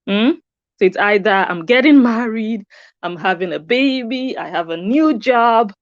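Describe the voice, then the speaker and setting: A woman's voice: mid-range voice, dry recording, lo-fi sound. A woman hosting a live stream from a room upstairs at home, chatting casually and greeting her viewers by name. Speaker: YouTube host.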